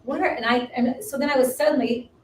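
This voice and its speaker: A woman's voice: sits high, fast talker. A woman co-hosting a ministry livestream, earnestly telling a personal faith story with many restarts. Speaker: ministry co-host. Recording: roomy distant livestream audio, faint noise.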